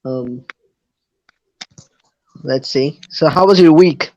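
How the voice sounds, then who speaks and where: A young adult podcast host in casual chat, hesitant and filling pauses with many fillers. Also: medium pitch, darkish tone, highs cut off. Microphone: online podcast recording app.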